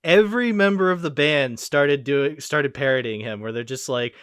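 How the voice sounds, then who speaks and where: A man in his twenties hosting a podcast, chatting casually about movies in a rambling, excitable way and swearing freely. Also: on the high side, moderate pace, clean tone, dry recording, studio quality. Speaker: podcast host. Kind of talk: casual movie-review chat.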